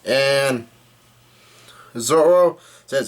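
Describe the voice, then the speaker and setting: A man in a casual comic chapter recap, speaking at an ordinary middle pitch. He talks in a halting way, often stopping to restart his sentences. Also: fairly bright tone. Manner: halting, with frequent restarts and pauses.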